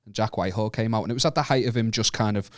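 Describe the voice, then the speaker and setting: A man's voice: on the low side, rapid-fire, no echo, clean studio sound. A young man from Wallasey with a Merseyside accent, telling sweary comedy stories on a podcast. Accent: Merseyside English. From Wallasey, England. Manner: sweary, animated storytelling. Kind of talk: casual chat.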